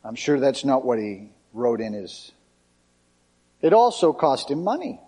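A man's voice: medium pitch, sing-song, measured pace, mellow, husky. A male pastor preaching a sermon in a conversational, emphatic way.

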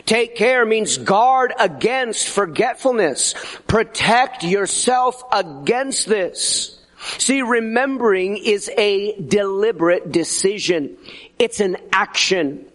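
A middle-aged man preaching a sermon as pastor, animated and conversational, slipping into acted asides. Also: high voice, takes it slowly.

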